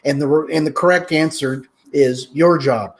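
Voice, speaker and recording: A man's voice: fairly high pitch, measured pace, rough recording. A man hosting an interview, chatting in an encouraging, reflective way. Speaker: host. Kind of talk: interview chat.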